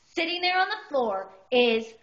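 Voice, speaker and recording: A woman, doing an animated, exaggerated stand-up comedy routine. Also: high voice, a little slow. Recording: dull lo-fi recording.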